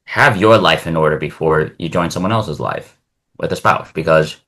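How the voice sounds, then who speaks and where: A young man chatting as a podcast guest in a lively, animated way. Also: very deep voice, moderate pace. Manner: animated, acts out quoted voices. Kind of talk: casual chat.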